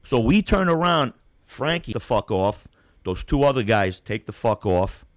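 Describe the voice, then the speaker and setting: A man from Queens, hosting a podcast and telling stories in a profane, animated way. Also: medium pitch, measured pace, no echo, clean studio sound. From Queens, New York. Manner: animated, profane, acts out voices. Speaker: podcast host. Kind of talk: casual storytelling.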